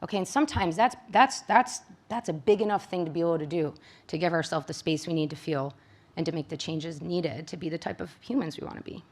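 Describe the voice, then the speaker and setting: A woman from Michigan speaking as a psychologist to a room of caregivers. Her voice sits a little low, and she keeps it conversational, often ending points with a quick question to her listeners. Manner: conversational, frequent tag questions. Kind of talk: presentation to caregivers.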